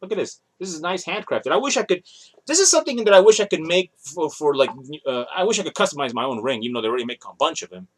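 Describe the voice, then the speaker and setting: With a fairly high voice, big pitch swings, and a fast pace, a toy collector vlogger in his thirties rambles casually about his toys in a show-and-tell. He's chatty and keeps correcting himself mid-sentence.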